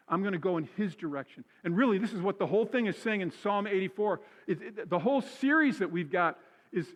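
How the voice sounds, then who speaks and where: Male pastor, high-pitched, conversational sermon delivery, church hall reverb. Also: pushed and bright. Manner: conversational preaching, repeats key phrases for emphasis. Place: church sanctuary.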